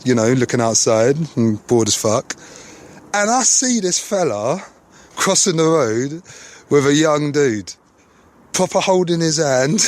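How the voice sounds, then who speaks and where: A tipsy man, co-hosting a podcast and telling a story in a casual, chatty way. He swears freely and fills his talk with asides, at a mid-range pitch. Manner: sweary, animated storytelling with lots of fillers. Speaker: podcast co-host.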